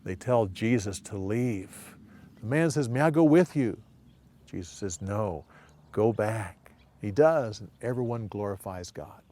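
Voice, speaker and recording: A man's voice: mid-range voice, dry recording. A man teaching a Bible story with hand gestures, repeating each part and acting out short quoted lines. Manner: repetitive, steady, acts out short quotes.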